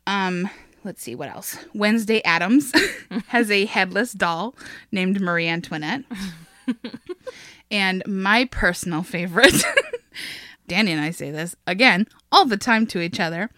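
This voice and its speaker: A woman's voice: medium pitch, a little slow, pushed and bright, no echo, clean studio sound. A woman co-hosting a podcast, telling a story in casual chat, laughing often and swearing freely. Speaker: podcast co-host.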